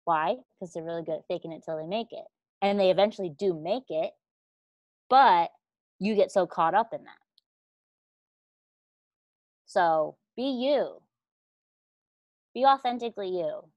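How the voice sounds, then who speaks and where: A woman's voice: on the low side, animated, measured pace, pauses often, darkish tone, no echo, lo-fi sound. Woman, coach, blunt, slangy, casual chat, dry close sound. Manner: blunt, slangy, swears freely. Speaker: guest coach.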